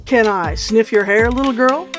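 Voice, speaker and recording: A woman reading a mock infomercial voice-over in a bright, salesy pitch. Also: normal speed. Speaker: parody ad announcer. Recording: voice-over with music beneath.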